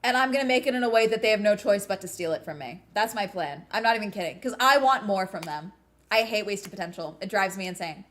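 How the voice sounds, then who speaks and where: A woman hosting a live watch-along, chatting casually and breaking into excited cheers and laughter. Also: medium pitch, fast. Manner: swears casually.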